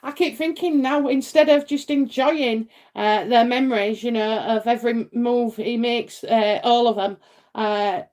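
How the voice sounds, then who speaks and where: A woman's voice: on the high side, steady tone, measured pace, a little mellow. A middle-aged British woman doing a casual psychic reading on a live stream, rambling on with lots of fillers and tag questions and laughing often. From United Kingdom.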